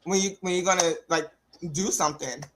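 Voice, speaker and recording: A woman with a New York accent, co-hosting a casual wrestling chat and telling animated stories full of acted-out quotes. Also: on the low side, brisk, background noise. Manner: animated storyteller, acts out quotes, laughs often. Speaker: wrestling podcast co-host.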